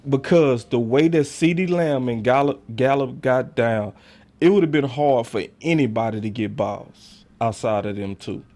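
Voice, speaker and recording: A man hosting a sports talk livestream, swinging from loud theatrical hype to quiet muttered asides while reading chats. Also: mid-range voice, moderate pace. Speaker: sports show host.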